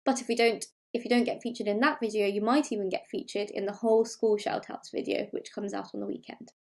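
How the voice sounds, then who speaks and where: A woman with an English accent, teaching a recorded remote lesson to young pupils and clearly explaining and stressing key words. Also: mid-range voice, steady tone, fast talker, darkish tone. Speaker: primary school teacher.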